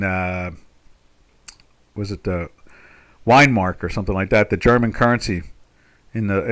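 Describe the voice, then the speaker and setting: Rambling older American trading host. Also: male voice, on the low side, a bit bright. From United States. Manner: rambling, full of "you know" fillers and restarts. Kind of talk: live market commentary chat.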